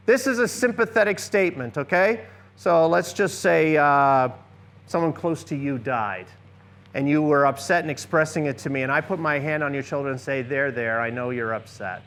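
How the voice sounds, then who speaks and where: A man's voice: high-pitched, fairly bright tone. A man presenting a church seminar on listening, earnestly addressing a live audience and often checking in with "okay?".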